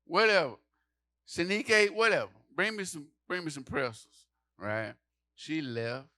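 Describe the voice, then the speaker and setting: A man doing a stand-up comedy set, telling a story loudly and acting out the people in it, with lots of swearing. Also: on the high side, a little slow, no room sound. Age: adult. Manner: loud animated storytelling, acting out characters, profane.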